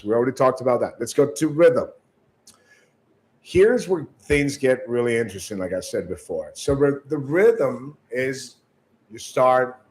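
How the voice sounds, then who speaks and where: A man's voice: mid-range voice, low-quality recording. A man teaching sales callers in a coaching tone, often stumbling over repeated words and checking in with "right?". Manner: coaching, direct advice. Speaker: sales trainer. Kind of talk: instructional talk on sales calls.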